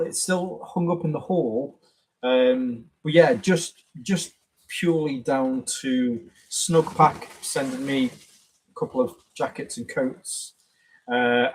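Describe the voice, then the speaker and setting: A man's voice: mid-range voice, breathy edge, rough recording. A man hosting a casual live stream, rambling along and greeting viewers by name as they drop in.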